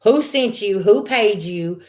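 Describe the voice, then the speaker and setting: A woman speaks straight to her viewers as a spiritual reader, in a blunt, profane, animated manner. Her voice sits at an ordinary middle pitch. She rants and lectures in loose street talk. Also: slow. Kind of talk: casual spiritual reading monologue.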